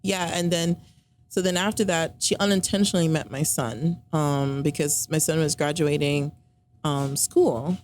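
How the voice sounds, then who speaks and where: A woman with a fairly low voice telling a personal story on a podcast in easy, rambling chat. She fills her talk with likes and ums and acts out both sides of the conversations she recalls. A faint hum sits under the recording. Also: measured pace. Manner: chatty, many fillers, acts out quoted dialogue.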